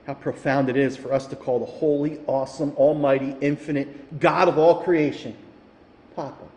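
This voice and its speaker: A man's voice: a little high, fairly even intonation, moderate pace, a little mellow. A male pastor preaching a sermon that builds to fervent emphasis. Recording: echoey hall, reverberant.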